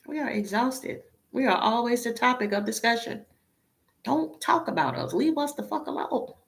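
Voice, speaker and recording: A woman's voice: a little high, expressive, normal speed, vocal fry. A woman talking casually to her viewers as a tarot reader, sounding weary, exasperated and emotionally drained, blunt and swearing now and then.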